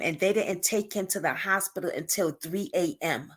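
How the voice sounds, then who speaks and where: Speaking at a moderate pace with barely a pause, this woman has a fairly low-pitched voice. At home late at night, she runs a relaxed livestream on unsolved cases, addressing her audience head-on and responding to the comments she reads aloud.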